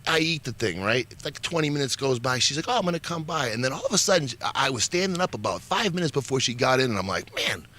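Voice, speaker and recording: A man's voice: mid-range voice, lively intonation, fast talker, hardly any pauses, sharp tone. A man telling a story on a casual talk show in a blunt, profane, jokey way.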